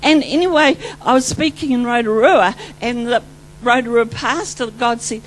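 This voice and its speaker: A woman preacher gives an excited, rambling testimony sermon. Her voice sits high and swings from loud exclamations to hushed asides. A faint hum runs underneath. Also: moderate pace, poor audio. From New Zealand.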